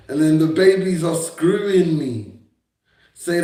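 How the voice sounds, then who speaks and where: Brief: young adult man, livestreamer, slightly high voice, unhurried, combative and repetitive, roomy echo. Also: warm tone. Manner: confrontational, repetitive, swearing at critics. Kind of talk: rambling livestream monologue. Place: indoor room on a livestream. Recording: echoey room.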